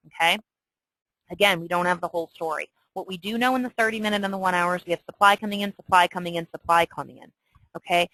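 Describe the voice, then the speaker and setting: A woman talks through a trading chart as a lesson, with a bright, forceful voice that sits a little low. She keeps asking "okay?" and breaks into excited asides. The recording is dry and close, with no room sound. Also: no room sound, rough recording. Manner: chatty, frequent "okay?" check-ins, excitable asides. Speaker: trading instructor. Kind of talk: screen-share lesson walkthrough.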